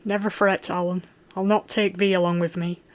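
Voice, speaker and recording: An audiobook reader voices a blustering medieval lord, a hot-tempered middle-aged man who barks orders in old-fashioned speech with a loud, gruff, hearty, commanding sound. The character sits a little higher and much louder than the storytelling, delivered lightly acted at normal speed with a level tone.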